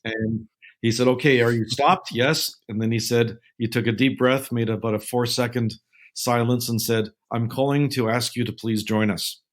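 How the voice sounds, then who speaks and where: A man in his sixties, a guest on an interview show, telling unhurried anecdotes and acting out the people he quotes. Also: medium pitch, flat delivery. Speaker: guest, naval film consultant. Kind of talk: relaxed interview storytelling.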